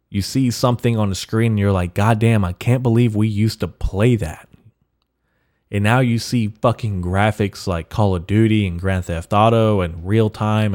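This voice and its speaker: A man's voice: fairly low pitch, a little mellow. A man hosting a podcast, talking in a rambling, casual monologue full of swearing and fillers. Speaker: podcast host.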